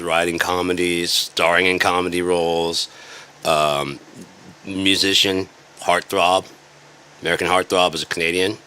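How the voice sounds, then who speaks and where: Deep-voiced man in a profane rant. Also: pushed and bright. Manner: profane, sarcastic, rambling. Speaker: online commentator. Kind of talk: ranting commentary.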